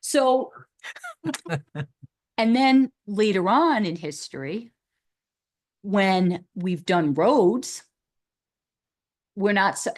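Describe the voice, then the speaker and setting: A woman's voice: mid-range voice, lively intonation, extremely slow, long pauses. Woman, committee member at a town meeting; discursive, talks through the issue with many restarts. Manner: thinking aloud, rambling with restarts and "like". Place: meeting room.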